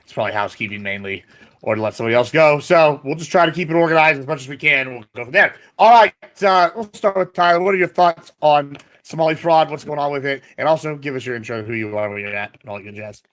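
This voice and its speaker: This is a man running a live debate stream. He moderates in a casual, easygoing way. His voice sits a little higher than most men's. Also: fast talker, a bit bright. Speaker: debate host.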